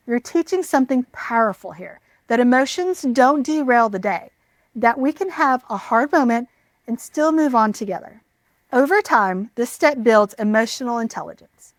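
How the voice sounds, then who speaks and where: A woman giving scripted parenting advice in a calm, measured, reassuring way. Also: a little high, no room sound. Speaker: parenting educator.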